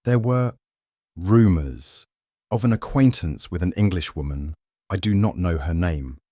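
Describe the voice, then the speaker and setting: A man's voice: lively intonation, a little slow, mellow, dry recording, studio quality. A man doing a guarded Portuguese priest. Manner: low, cautious and guarded. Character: slight, cautious, watchful foreign priest.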